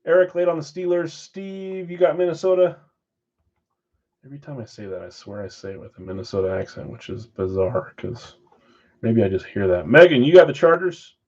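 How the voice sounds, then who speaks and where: A man hosting a live-stream card break, briskly calling out names and assignments with chatty asides in between. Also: medium pitch, very animated, a little mellow, highs cut off. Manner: brisk name-and-team roll call with chatty asides. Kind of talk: casual live-stream roll call.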